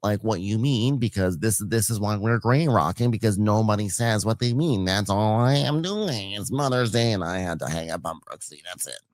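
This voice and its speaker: A man voicing a serious reality-show woman who speaks in a low monotone and gives flat, insincere apologies. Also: close to an everyday voice. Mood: flat, defensive. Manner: low monotone, measured and wounded.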